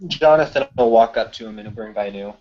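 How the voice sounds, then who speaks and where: A man playing in a tabletop game, speaking in a relaxed, chatty way on a muffled recording. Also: on the low side, a little fast. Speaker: player. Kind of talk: casual tabletop play. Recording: muffled home recording with faint hiss.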